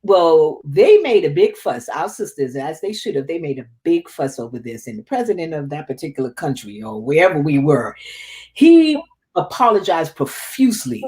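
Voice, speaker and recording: A woman's voice: low-pitched, sing-song, normal speed, a little mellow. A woman being interviewed, telling a painful personal story with feeling and often repeating words as she relives it. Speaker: interview guest.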